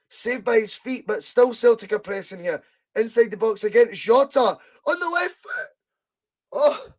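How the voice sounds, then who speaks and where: Scottish male podcast host, high voice, chatty fan commentary, excitable bursts, greets viewers by name. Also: normal speed. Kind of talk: excitable live football watch-along commentary. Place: at home.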